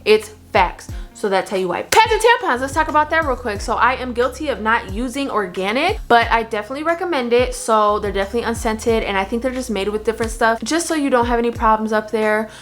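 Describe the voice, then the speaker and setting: A young woman with a fairly high voice talks straight to her viewers in a casual vlog. She is blunt and animated and stresses every point hard. Faint music plays behind her. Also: fast, hardly any pauses. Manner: blunt, animated, scolding and emphatic. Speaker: vlogger. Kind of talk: casual advice talk to camera.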